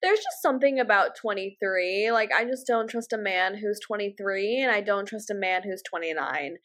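A woman co-hosting a podcast, chatting casually with slang, swearing and quick bursts. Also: mid-range voice, expressive, a bit bright. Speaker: podcast co-host. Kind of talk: casual chat.

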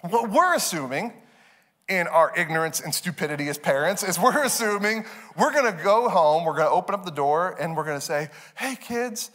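A pastor with a fairly high voice tells stories from a church stage, speaking a little fast in a large hall. Animated and lively, he imitates his kids in high-pitched voices and bursts into laughter often.

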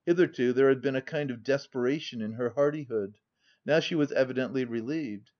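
A man narrating a classic novel as an audiobook in an even, measured reading style. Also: mid-range voice. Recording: slightly dull lo-fi audio.

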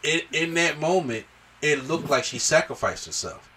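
A man's voice: on the high side, normal speed, distant mic, a crowd in the background. A man on a podcast casually recapping a film and acting out the characters' lines. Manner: animated retelling, acts out the characters' lines. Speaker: podcast host. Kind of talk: casual movie review chat.

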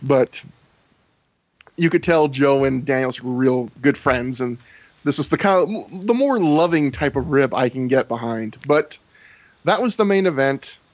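A man's voice: mid-range voice, lively intonation, unhurried, no echo, muffled recording. A man hosting a podcast, casually recapping a wrestling show with dry, wry humor. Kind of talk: casual chat, recapping events.

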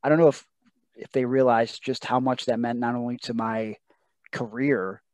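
A man's voice: mid-range voice, steady tone, normal speed, darkish tone, no echo. Earnest man telling a story. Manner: emotional, earnest storytelling with quoted dialogue. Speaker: podcast guest, wrestler. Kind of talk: casual storytelling interview.

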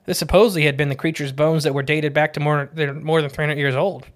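A man's voice: a little high, steady tone, fast. A man co-hosting a podcast in casual chat, telling cryptid stories in a rambling, jokey way and correcting himself as he goes. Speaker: podcast co-host.

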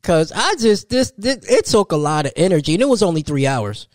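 A man, hosting a solo podcast and telling an animated story. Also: a little fast, dry recording, clean studio sound. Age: 30s. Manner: animated storytelling, jumps high for quoted voices. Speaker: podcast host.

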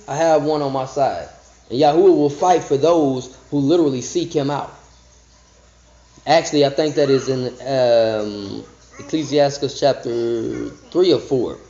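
A man's voice: mid-range voice, warm tone. Man teaching scripture in an echoey room. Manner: conversational, reads verses slowly, restarts and asides. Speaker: podcast Bible teacher. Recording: dull, echoey room recording.

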